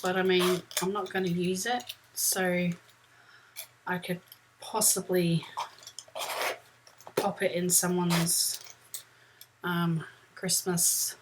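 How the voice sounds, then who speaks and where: A woman's voice: on the low side, steady tone, slow pace, long pauses, background noise. A middle-aged woman vlogging from a room at home, talking in a rambling, chatty way with lots of ums. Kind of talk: casual chat.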